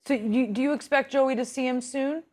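A woman's voice: high voice, moderate pace, darkish tone. A woman anchoring a live news interview, asking empathetic, probing questions.

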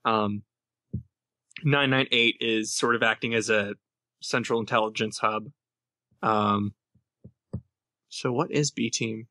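A man's voice: lowish voice, fairly even intonation, slow pace, long pauses, pushed and bright, no echo, clean studio sound. A man playing a tabletop game, thinking aloud and planning strategy with the group. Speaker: player.

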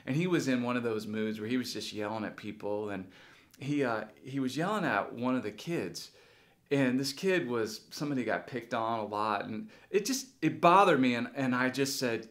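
A man's voice: mid-range voice, lively intonation, moderate pace, fairly bright tone. A middle-aged man, a pastor, telling a personal story in a sermon with earnest, rising feeling.

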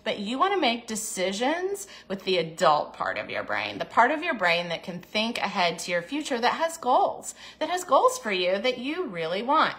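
Hosting a casual livestream for a diet program, a woman encourages viewers about food choices, reads their comments aloud, and voices little quoted inner thoughts. She sounds very animated and a bit bright, with a mid-range voice, moderate pace and few pauses.

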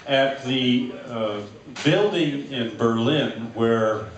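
An older man in a band, telling a rambling story between songs at a concert, with halting pauses and fillers. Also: mid-range voice. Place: concert venue stage. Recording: echoey live hall from far off.

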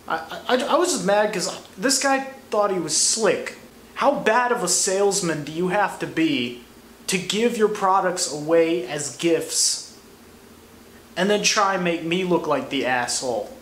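Young male comic, profane and sarcastic, highish voice, echoey room. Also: measured pace, a bit bright. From United States. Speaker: comedian. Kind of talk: comedy monologue. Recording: echoey room, faint noise.

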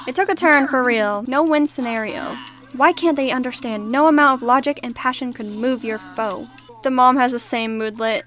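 A woman's voice: high voice, normal speed, fairly bright tone. Chatty young woman narrating a game. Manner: chatty, voices the characters' lines in a playful running commentary. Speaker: gaming YouTuber. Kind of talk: casual let's-play commentary.

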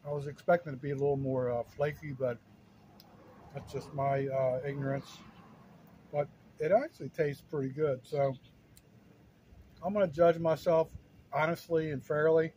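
A man in his fifties tasting his own cooking on a casual vlog, talking in a halting, stuttering, self-deprecating way, sometimes while chewing. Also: fairly high pitch, steady tone, warm tone, slight background noise. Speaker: cooking vlogger.

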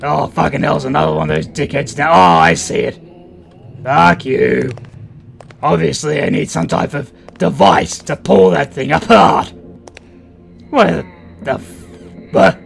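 A man's voice: a little high, animated, measured pace, creaky, long pauses, faint music behind. A man doing profane, joking let's play commentary while playing a horror game. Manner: crude, loud, profane joking. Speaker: gaming channel host.

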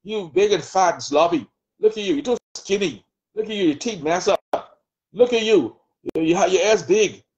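A man with a Bahamian accent preaching a sermon, taunting in rapid repeated jabs as he voices the enemy's lies. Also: high voice, animated, a little mellow, dull audio. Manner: taunting, mocking the devil's voice in rapid repetitive jabs. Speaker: prophet preaching.

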